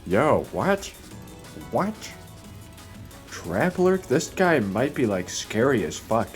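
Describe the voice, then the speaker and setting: A young man streaming a game, chatting casually, rambling and swearing, with sudden loud outbursts between mumbles. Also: medium pitch, very animated, slow, faint music behind.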